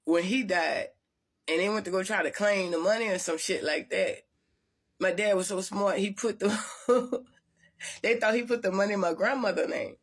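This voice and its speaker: A woman's voice: medium pitch, normal speed. Lady vlogging her story, blunt n cussing a lot, keeps restarting her sentences. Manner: blunt, profane, rambling with many restarts. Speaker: spiritual vlogger. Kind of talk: casual storytelling to viewers.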